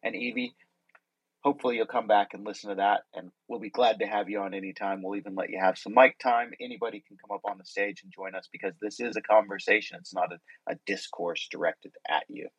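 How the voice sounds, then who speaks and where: A man's voice: on the low side, fairly even intonation, brisk, fairly bright tone, slightly rough, dry recording, rough recording. A man hosting a casual group conversation, welcoming and rambling with many restarts, in a slightly sick voice. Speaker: host. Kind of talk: casual group chat on a live audio stage.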